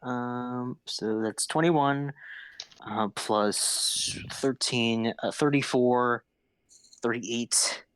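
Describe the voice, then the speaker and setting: Man, game master, slow unhurried narration, halting with fillers, dry close sound. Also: medium pitch, fairly bright tone, clear, resonant tone, no echo, poor audio. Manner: halting, many fillers, tallies dice aloud.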